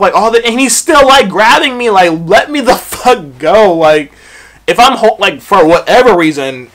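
A young man telling a storytime vlog, profane and animated, acting out quotes from the story. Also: high-pitched, moderate pace. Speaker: vlogger.

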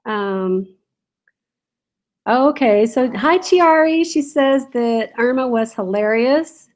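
A woman's voice: a little high, animated, slow pace, darkish tone, rough recording. A woman chatting casually on a home live stream, giggling and reading viewer comments aloud. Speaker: reseller vlogger. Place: home, in a room with barking dogs.

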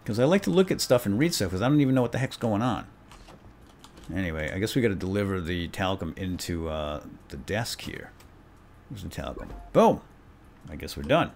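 A man commenting on a prison video game as he plays, excitable and jokey, reading game text aloud. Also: low-pitched, a little fast, vocal fry, slight background noise. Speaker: let's play host. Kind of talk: gameplay commentary.

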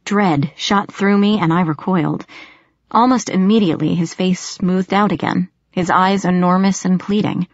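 Female audiobook narrator, first person; lower voice, tense and sharp-edged, close dry recording. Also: steady tone, normal speed, dry recording. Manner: tense storytelling, sharp snapping in dialogue. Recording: slightly dull lo-fi audio.

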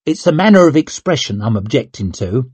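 A man's voice: medium pitch, very animated, a little fast, darkish tone, husky, no echo. A man voicing a working-class wife learning to be a proper lady, prim and correcting.

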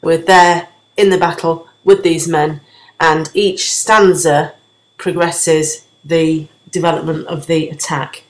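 A woman teacher giving a clear, explanatory revision lesson on a poem, sounding out the rhythm as she goes. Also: deep voice, steady tone, slow pace, roomy sound, low-quality recording.

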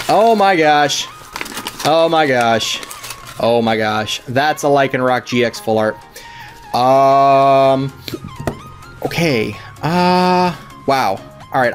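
A man co-hosting a casual card-opening chat, playful and joking, gasping at good pulls. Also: medium pitch. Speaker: co-host opening trading cards.

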